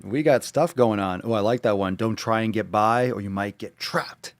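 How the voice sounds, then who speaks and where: A man's voice: fairly low pitch, moderate pace, no room sound. A man hosting a livestream podcast, crude, hyped and joking, on a studio microphone. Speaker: podcast host.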